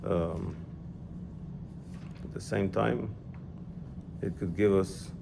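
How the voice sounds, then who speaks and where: Male teacher, lowish voice with some fry, patient explainer in a casual one-on-one class. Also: fairly even intonation, drawn-out words, darkish tone, slight background noise. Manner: explanatory, checks in with "yeah?". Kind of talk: informal religious class.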